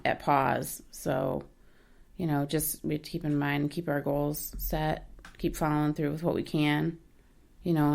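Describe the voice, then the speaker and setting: A woman from the United States talks openly as a podcast guest. Her voice is low-pitched with a gravelly fry. She is easygoing and wry. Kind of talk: casual podcast chat.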